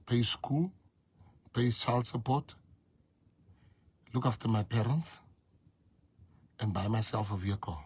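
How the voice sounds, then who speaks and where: Very husky South African man, storytelling. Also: on the low side, slow, long pauses, darkish tone. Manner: emphatic, repeats lines for effect. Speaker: party leader. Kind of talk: storytelling speech.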